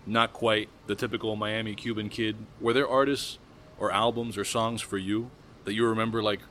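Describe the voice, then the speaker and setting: A man's voice: lowish voice, level tone, moderate pace, fairly bright tone. A man hosting a podcast, asking loosely phrased questions in a casual interview, with a faint hiss behind. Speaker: podcast host.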